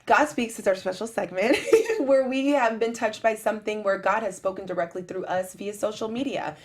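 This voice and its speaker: A woman co-hosting a relaxed talk show. She talks earnestly and emphatically, urging listeners to take inspiration to heart. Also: mid-range voice, moderate pace. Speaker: host. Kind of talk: casual chat.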